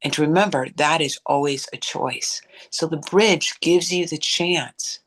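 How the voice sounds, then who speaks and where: A woman co-hosting a reflective conversation, speaking in a thoughtful, measured way. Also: low voice, fairly bright tone. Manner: thoughtful, measured, spiritual vocabulary. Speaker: co-host.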